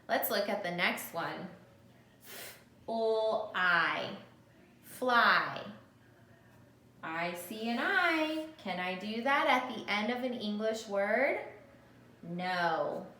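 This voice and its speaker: A woman's voice: mid-range voice, sharp tone, echoey room. A woman teaching a phonics lesson to young children, patiently sounding out letters and words by a board. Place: classroom or room with a board.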